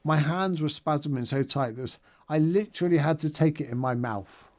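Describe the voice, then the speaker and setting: A man's voice: a little high, normal speed, darkish tone. A middle-aged man giving a casual, upbeat video-diary recap of a charity challenge day, chatty and rambling with fillers and asides.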